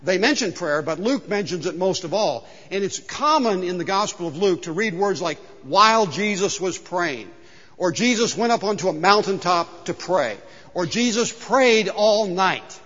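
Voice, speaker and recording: High-voiced pastor preaching in a hall. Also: male voice, expressive, normal speed, a bit bright, highs cut off. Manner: folksy storytelling, exclaims in joke voices. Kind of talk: sermon. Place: church sanctuary.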